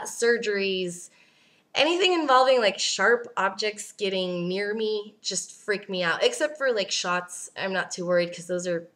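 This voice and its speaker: A woman's voice: medium pitch, a bit bright. A young woman vlogging casually, ranting bluntly and sarcastically, swearing and laughing as she answers viewer questions.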